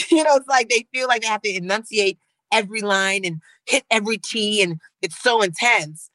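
Young woman from Nigeria, a guest with a bright, crisp voice, animated and slangy, laughing a lot. Dry, close sound. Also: moderate pace, no echo, low-quality recording. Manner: animated and slangy, laughing often, leaping up in pitch. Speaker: guest, comedian and actor. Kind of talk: casual interview chat.

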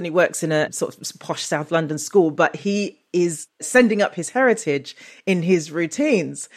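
A woman talking casually as a guest author and comedian, chatty, often laughing and restarting her sentences. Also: lowish voice. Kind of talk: casual interview chat.

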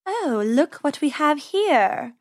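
A woman voicing a sly, menacing female cat who speaks in a slow, drawn-out purr. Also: high voice, big pitch swings, dry recording, clean studio sound, voice pushed up, exaggerated voice.

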